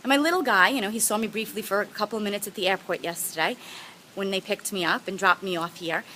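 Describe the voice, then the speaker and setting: A woman speaks straight to her viewers as a motivational speaker, sharing personal stories. Her voice is bright and forceful, and her delivery is earnest, heartfelt and encouraging. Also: medium pitch, quick pace, slight background noise, poor audio. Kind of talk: personal storytelling to camera.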